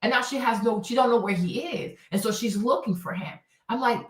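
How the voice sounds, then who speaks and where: A woman host talks in a casual monologue, blunt and emphatic, and drives her points home by repeating them. Her voice sits fairly high and she swears freely. The sound is roomy, and she is heard from some distance off the mic. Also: brisk, hardly any pauses.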